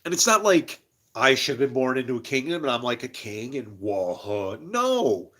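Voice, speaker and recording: A man's voice: medium pitch, very animated, moderate pace, a bit bright. A man hosting a livestream, rambling in a profane, confessional way about faith and his struggles, and talking to viewers in chat. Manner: talks to chat viewers by name; religious musing. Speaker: livestream host. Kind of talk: casual livestream monologue.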